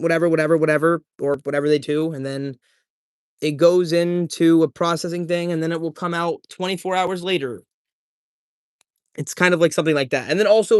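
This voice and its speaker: A laid-back male streamer talks in a slightly higher-than-usual voice, chatty and loose, full of slang as he reads comments and thanks viewers by name. The sound is close and dry, with almost no room around it. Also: clean tone, no room sound. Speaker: live streamer. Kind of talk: casual livestream chat, reading out viewer comments.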